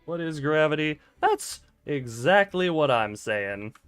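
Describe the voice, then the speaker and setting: A man's voice: a little high, sing-song, takes it slowly, fairly bright tone, smooth, no room sound. A man streaming a card game, chatting casually with his viewers in a playful, rambling, self-mocking way. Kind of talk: casual livestream chat while gaming. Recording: dry close mic with faint game music.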